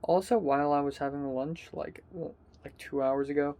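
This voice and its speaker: A sleepy, tired young man, a college student, rambling in a halting casual video diary with frequent fillers and swearing, filmed by himself in his bedroom. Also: on the high side, steady tone, dark tone. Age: young adult. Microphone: self-filmed camera.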